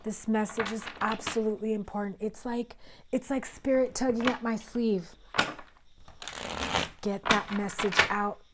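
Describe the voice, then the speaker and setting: A woman giving a tarot reading to camera, earnest and direct, her voice strained and rough from illness, sometimes dropping into low mutters. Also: fairly even intonation, a little slow, very noisy. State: recovering voice, coughing. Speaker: tarot reader.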